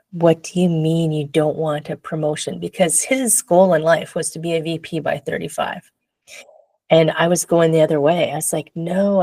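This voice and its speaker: In a casual interview, a woman guest tells a personal story, lively and laughing often as she acts out how she used to sound. Her voice sits on the low side, and the recording has no echo.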